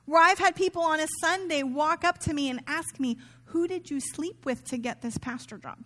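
High-voiced woman pastor preaching casually. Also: moderate pace, a bit bright. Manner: conversational, self-mocking preaching with quoted asides. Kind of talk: sermon.

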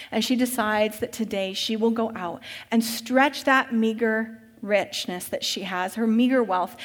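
A woman preacher telling a story in a vivid, expressive sermon. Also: medium pitch, big-room sound.

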